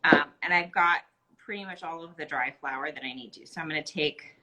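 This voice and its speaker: A woman's voice: low-pitched, fairly quick, bright, forceful tone, poor audio. A tired woman explaining step by step how she bakes, chatting casually on a live stream. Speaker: baker showing a recipe.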